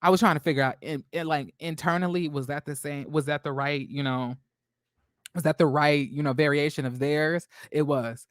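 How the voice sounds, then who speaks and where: A man hosting a gossip commentary channel, talking in a brash, profane, theatrical way with drawn-out exclamations. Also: a little high, steady tone, no echo, clean studio sound.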